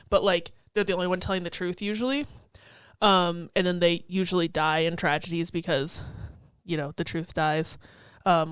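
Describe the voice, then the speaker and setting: In casual podcast chat, a young female co-host swears without restraint and laughs a lot. She has a lowish voice with a clean tone, and there's no echo.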